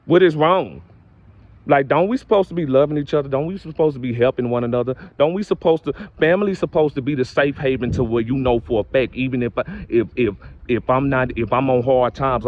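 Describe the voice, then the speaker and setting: Young man, mid-pitched, preaching to camera on a dull, lo-fi recording. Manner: preachy, repetitive catchphrases, rising to high exclamations. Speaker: vlogger. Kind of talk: casual direct-to-camera rant.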